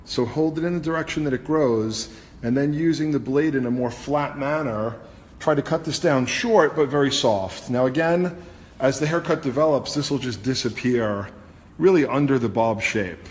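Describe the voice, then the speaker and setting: A man's voice: medium pitch, moderate pace. A man, a hairstylist and host, chatting as he teaches a live haircut demonstration and explains each step. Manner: chatty, explains steps as he cuts. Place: hair salon studio. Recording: echoey salon with long reverb, faint ambience.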